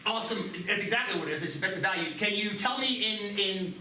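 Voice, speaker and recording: Male teacher, high voice, very lively pitch, joking classroom talk, echoey room, distant mic, background noise. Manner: lively, joking, quick asides to students. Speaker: math teacher.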